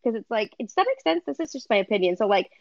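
A woman's voice: a little high, big pitch swings, quick pace, gravelly, no room sound, lo-fi sound. A woman in casual conversation as a podcast guest, chatty, often laughing and swearing casually. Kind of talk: casual chat.

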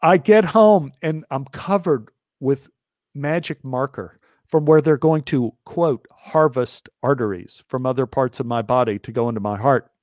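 A man's voice: a little slow, no room sound. A middle-aged man tells a personal story with wry, self-mocking humor. His voice sits mid-range but swings wide as he acts out what others said. The sound is dry, with no room in it. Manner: animated, acts out other people's lines with big jumps in pitch.

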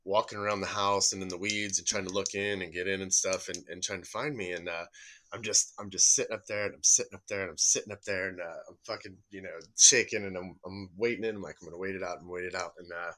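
A man with a low, bright and forceful voice tells a story as a podcast guest. He is animated and swears freely, and he acts out the people in the story as he goes. His delivery is loose and casual. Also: fast talker. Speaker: podcast guest, urban explorer.

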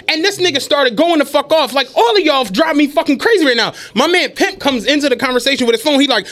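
A young man co-hosting a casual podcast, his voice sitting very high and sounding bright and sharp. He tells his stories in an animated, profane way and laughs his way through them. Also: quick pace, hardly any pauses. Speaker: podcast co-host. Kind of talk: casual chat, comic storytelling.

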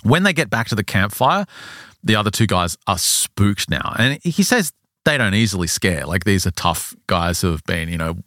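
A man hosting a podcast, telling a story in a casual, animated way and acting out the characters' lines. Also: lowish voice, moderate pace, no echo, studio quality.

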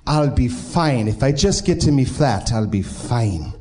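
A man voicing a stumbling drunk at closing time, in a deliberately bad Irish accent, telling a joke at a live show. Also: medium pitch, lively intonation, a little mellow, natural voice. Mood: woozy.

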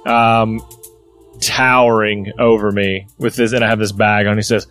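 A man's voice: lowish voice, steady tone, moderate pace, a bit bright, faint music behind. A man playing a tabletop role-play game, describing his character's actions hesitantly in first person.

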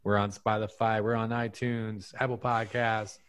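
A man's voice: on the low side, little pitch movement, moderate pace, a bit bright, smooth. A man hosting a comedy podcast, doing a breezy, jokey outro with plugs and sign-offs. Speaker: podcast host.

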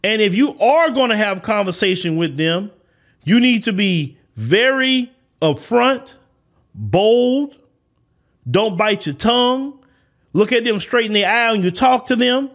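A man's voice: high voice, animated, unhurried, a bit bright. A man hosting a podcast, giving an emphatic opinion monologue and hammering home his points with blunt repetition. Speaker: podcast host.

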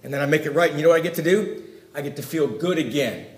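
A man preaching a sermon, emphatic, swinging between loud declarations and quiet, confiding asides. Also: on the high side, fast talker, reverberant.

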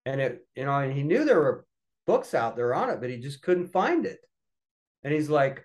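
A middle-aged man who is a podcast guest, telling family anecdotes casually and lively, acting out other people's voices along the way. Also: mid-range voice, normal speed, low-quality recording. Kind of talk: casual storytelling.

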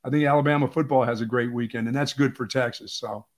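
A man from Pennsylvania co-hosting a sports radio show, telling stories in an animated, emphatic way with lots of repeated phrases. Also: mid-range voice, fast. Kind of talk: casual sports talk.

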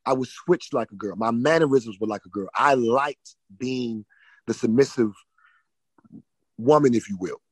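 A man on a podcast telling an emotional personal testimony, often restarting and repeating words, swinging between loud and hushed. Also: mid-range voice, normal speed, husky, no room sound, poor audio. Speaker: podcast guest.

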